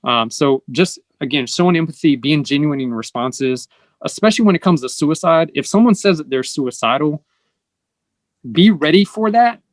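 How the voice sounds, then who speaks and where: A man's voice: fairly high pitch, animated, normal speed, no room sound. A man hosting an interview, explaining earnestly and acting out the lines people say. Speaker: host. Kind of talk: casual conversational interview.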